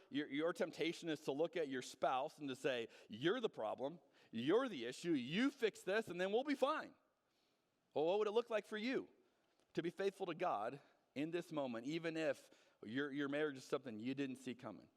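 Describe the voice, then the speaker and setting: A man's voice: on the high side, big-room sound. A man preaching a sermon as pastor, earnest and conversational, often restarting his words. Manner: earnest, conversational, frequent restarts and stammered repeats. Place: church sanctuary.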